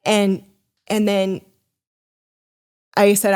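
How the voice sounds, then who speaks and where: A young woman telling a personal story on a podcast as a guest, animated and rambling, with many restarts, acting out the people she quotes. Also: mid-range voice, moderate pace, long pauses. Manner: acts out quoted voices in her story. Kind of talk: casual storytelling.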